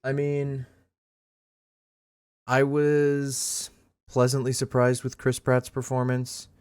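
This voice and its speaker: A young man co-hosting a podcast, talking casually in an even, laid-back way. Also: mid-range voice, clean tone, no room sound, studio quality. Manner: laid-back, even-toned, fills pauses with um and uh. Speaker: podcast co-host. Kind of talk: casual chat.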